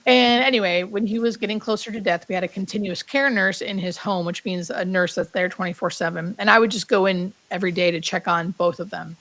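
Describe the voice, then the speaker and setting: A woman in her thirties recounts a personal story as an interview guest. She talks in a heartfelt, meandering way, full of "like" fillers, and drops to a hushed whisper now and then. Her voice sits at an ordinary middle pitch. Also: fairly even intonation, fairly quick, few pauses, dry recording, rough recording. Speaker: guest, hospice nurse. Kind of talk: emotional storytelling.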